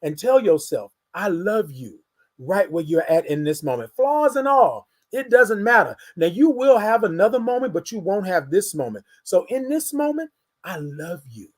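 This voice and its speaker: A man's voice: sits high, very animated, normal speed. A man hosting a motivational morning show, talking in a repetitive, preacher-like, encouraging way. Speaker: host.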